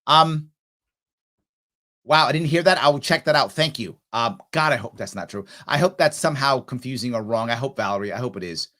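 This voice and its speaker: A man's voice: mid-range voice, expressive, a little fast, bright, forceful tone. A man hosting a live political commentary show, reacting with indignant sarcasm to a clip and reading viewer comments. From New York. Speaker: livestream political show host.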